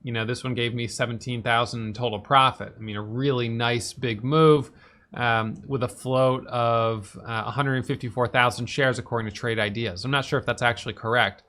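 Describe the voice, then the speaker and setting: A tired man casually recapping his day's stock trades, talking fast with lots of fillers and restarts. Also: steady tone, pushed and bright. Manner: fast, filler-heavy talk with restarts, "boom" for quick actions. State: tired, yawning.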